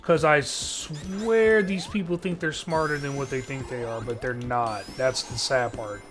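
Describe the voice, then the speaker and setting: A man's voice: mid-range voice, measured pace, a bit bright, faint music behind. A man streaming live, ranting to his chat in a rambling, sardonic way, swearing constantly and restarting his sentences. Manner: rambling, heavy cursing, sardonic.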